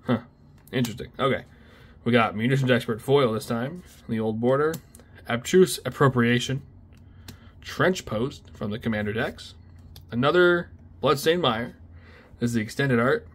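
A young man casually talking through a card unboxing, excitable and slangy, often exclaiming at what he pulls. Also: medium pitch, normal speed, long pauses. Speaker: card opening video host.

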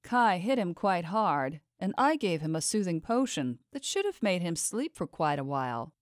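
A woman's voice: fairly low pitch, very animated, moderate pace, no echo, clean studio sound. A woman playing a cold, manipulative mistress. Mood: coldly probing. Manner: smooth, probing, quietly menacing. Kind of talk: audiobook character voice.

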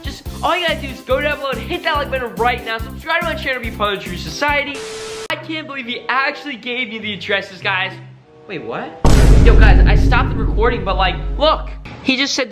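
A man hosting a reaction vlog who talks in a hyper, dramatic way, full of loud exclamations. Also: very high voice, a little fast, over music. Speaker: YouTube host.

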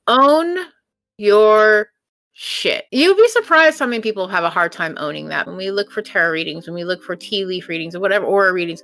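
A woman's voice: mid-range voice, pushed and bright. A middle-aged woman co-hosting a casual podcast, talking bluntly and profanely as a tarot reader.

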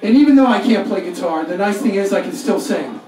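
A man's voice: high voice, lively intonation, fast, warm tone. A man in his forties doing a live stand-up set, talking in a profane, self-mocking, rambling way. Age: 40s. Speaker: stand-up comedian. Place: comedy club stage. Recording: echoey club heard from far off, audience. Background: audience laughter.

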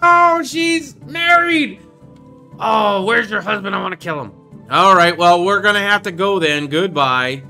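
A man's voice: sits high, moderate pace, creaky, sharp tone, soft background music. A young man casually commenting on his own gameplay, joking around and reading out the game's dialogue. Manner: playful, joking, reads out game dialogue. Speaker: gaming channel host. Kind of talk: casual let's-play commentary.

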